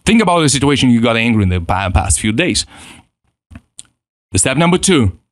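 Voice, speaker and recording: A man teaching a self-improvement course, his pitch leaping up and down as he acts out the voices in people's heads. He often breaks off and restarts his sentences. The sound is dry and close, with no room echo. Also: normal speed. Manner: animated, acts out inner voices, frequent restarts. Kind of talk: spoken course lesson.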